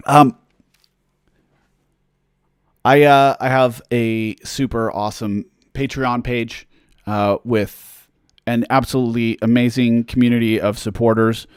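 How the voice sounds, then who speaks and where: A man's voice: mid-range voice, fairly even intonation, takes it slowly, long pauses, smooth, dry recording, clean studio sound. A man chatting casually on a livestream, answering fan questions in a rambling way, with lots of fillers and self-deprecating jokes.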